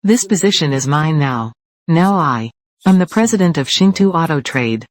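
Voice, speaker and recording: Voicing several characters in a dubbed drama, this performer delivers clipped, confrontational lines as corporate rivals threaten one another over a company's control. The medium-pitched voice has lively intonation, a moderate pace, and is only lightly acted. It's studio-quality audio with no echo.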